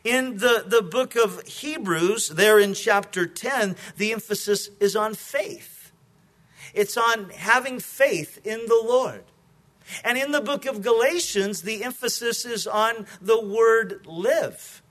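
Male pastor, sermon delivery, high voice with an animated, joking manner. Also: slow pace.

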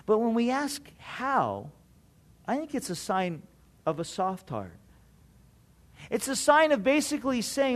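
A man's voice: sits high, sing-song, moderate pace. A man preaching a sermon, telling a story and acting out the voices he quotes, repeating key points for emphasis. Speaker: pastor.

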